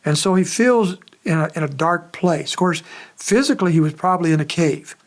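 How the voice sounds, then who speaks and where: A pastor giving an expository sermon in a conversational, measured way, pausing often as he explains the text. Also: on the high side. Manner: conversational, measured preaching with frequent pauses.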